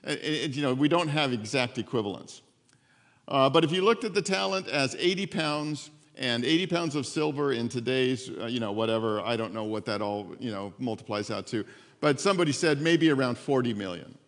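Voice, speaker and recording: A man preaching a sermon as pastor. He retells the story conversationally, with lively asides to the congregation. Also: mid-range voice, fairly quick. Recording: long hall reverb.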